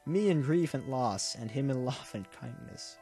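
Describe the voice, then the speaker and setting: A man's voice: medium pitch, animated, normal speed, dark tone, faint music behind. A young man reading a visual novel aloud, tearful, his voice breaking as he narrates earnestly. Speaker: gaming YouTuber.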